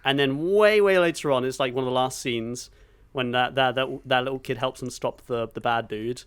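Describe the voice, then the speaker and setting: A man's voice: mid-range voice, normal speed, clear, resonant tone. A man co-hosting a podcast in casual chat, enthusiastic and sweary, acting out film moments with sound effects. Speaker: podcast co-host.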